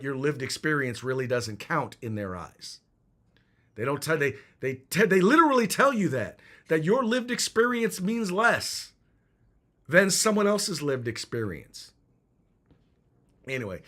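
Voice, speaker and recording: A man's voice: mid-range voice, a bit bright. Emphatic male podcast host. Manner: emphatic, with frequent restarts. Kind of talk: political commentary podcast.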